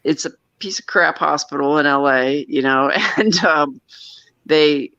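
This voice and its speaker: Bright, tense-voiced man telling a rambling story. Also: fairly high pitch, unhurried, vocal fry, clean tone, no echo. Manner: rambling, with frequent restarts and nervous laughs. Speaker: guest telling a personal story. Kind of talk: casual conversational storytelling. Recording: dull, lo-fi sound.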